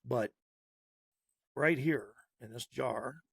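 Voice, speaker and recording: Male podcast host, gravelly voice, mid pitch, punchy sarcastic monologue. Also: very slow, dry recording, studio quality. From Massachusetts. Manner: heated, sarcastic, punchy repetition.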